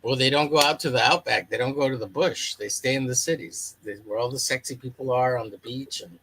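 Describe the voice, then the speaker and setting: A man co-hosting a podcast, chatting in an easygoing, teasing, halting way. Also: medium pitch, gravelly, a bit bright, slight background noise, low-quality recording. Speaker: podcast co-host. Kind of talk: casual chat.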